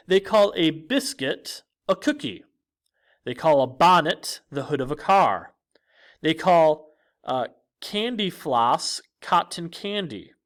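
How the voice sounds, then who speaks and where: A man teaching a recorded geography lesson in a clear, lively teacher's voice, with fillers like uh and um. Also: on the high side.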